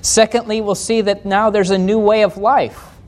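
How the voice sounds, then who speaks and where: An American man preaching a sermon as pastor, reading scripture aloud and slowing down to stress key points, with a gentle touch of humor. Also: high-pitched, little pitch movement. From United States.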